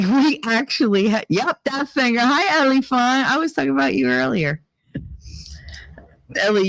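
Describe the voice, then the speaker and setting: A man's voice: sits high, a bit bright, no echo, poor audio. A middle-aged man from New Jersey with a New Jersey accent, hosting a live stream in rambling, profane casual chat, laughing often. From New Jersey, USA.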